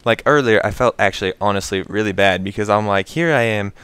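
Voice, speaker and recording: An American man with a lowish, smooth, clean voice rambles through a relaxed late-night chat, often breaking into laughter. The close mic sounds dry with no room around it. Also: fast, dry recording. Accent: General American. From United States. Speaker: channel host.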